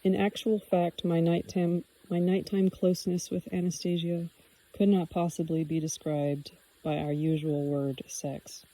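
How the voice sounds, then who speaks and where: A woman narrating a first-person audiobook in a calm, even storytelling manner. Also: on the low side, moderate pace, poor audio.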